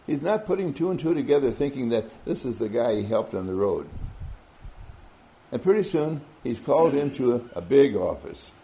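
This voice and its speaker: A man's voice: medium pitch, lively intonation, normal speed, dark tone, rough recording. A man giving a motivational talk, telling a story animatedly and often laughing. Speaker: motivational speaker.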